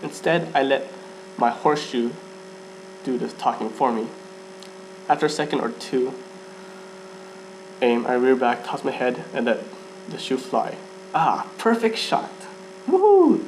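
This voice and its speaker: A man's voice: medium pitch, a little hiss or hum, low-quality recording. A man reading a first-person fan story aloud, often stumbling and restarting lines and laughing at his own slips. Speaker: fan fiction reader.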